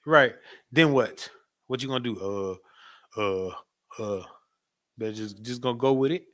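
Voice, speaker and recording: A man teaching a class in a casual preaching style, animated and repetitive, often turning to the audience with asides and breaking into laughter. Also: medium pitch, a little slow. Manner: laughs often while talking.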